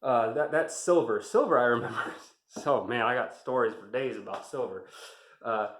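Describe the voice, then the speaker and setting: A man's voice: mid-range voice, normal speed, a bit bright. A man telling an army story in a casual, rambling way, swearing often and getting heated, in a roomy-sounding space. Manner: profane, rambling, gets heated. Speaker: army veteran vlogger. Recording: roomy echo.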